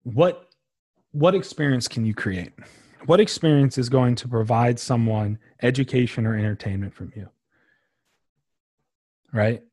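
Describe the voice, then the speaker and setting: A young man hosting his own podcast, talking casually and emphatically with a slangy, animated delivery. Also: mid-range voice, measured pace, long pauses, dry recording, clean studio sound. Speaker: podcast host. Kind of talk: casual solo podcast talk.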